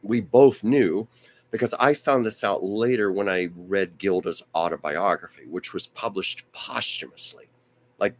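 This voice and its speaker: Male host, lowish voice, strained and fading; rambling, aside-heavy storyteller. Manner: rambling, anecdotal, with frequent asides and restarts. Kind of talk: casual storytelling on a live stream.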